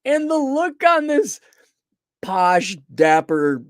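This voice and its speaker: A man's voice: extremely high pitch, big pitch swings, slow pace, no room sound, studio quality. A middle-aged man telling a rambling, self-mocking story in a casual monologue, full of sarcastic asides. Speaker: podcast host.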